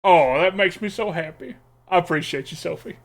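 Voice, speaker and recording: A man's voice: high-pitched, moderate pace, fairly bright tone. A man streaming a card game, chatting and joking with viewers in a put-on, exaggerated Texas drawl. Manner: folksy, joking, chats with viewers. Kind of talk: casual live-stream commentary.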